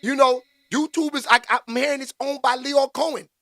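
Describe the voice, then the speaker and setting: A man's voice: very high voice, steady tone, moderate pace, vocal fry, a bit bright, soft background music. A man hosting a live stream, chatting loosely and calling out viewers by name. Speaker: livestream host. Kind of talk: casual live commentary.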